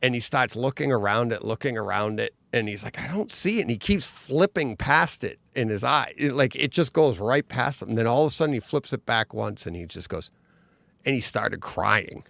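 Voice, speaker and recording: A man in casual podcast chat, telling an animated story and acting out other people's lines. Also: mid-range voice, moderate pace, vocal fry, no echo.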